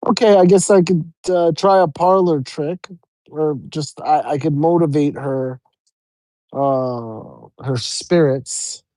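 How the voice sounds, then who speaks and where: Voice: medium pitch, slow, mellow, no room sound. A player in a tabletop role-playing game, talking casually and hesitantly, often correcting themselves.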